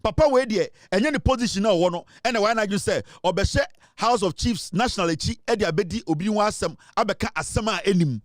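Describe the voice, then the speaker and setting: A man's voice: high voice, brisk, dry recording, studio quality. A Ghanaian man giving impassioned political commentary, emphatic and scolding, switching between Twi and English.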